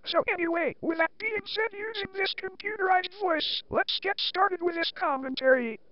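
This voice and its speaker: A synthetic text-to-speech woman's voice reading out a commentary with flat, mocking remarks. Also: extremely high pitch, normal speed, muffled recording, a little hiss or hum. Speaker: commentary host.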